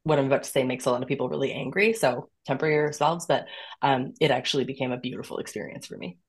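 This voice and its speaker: A woman's voice: a bass voice, quick pace, breathy edge. A woman in her thirties, a podcast guest, telling her own story candidly and expressively, often laughing and acting out what she said to herself. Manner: animated and expressive, with frequent laughs and acted-out quotes of herself.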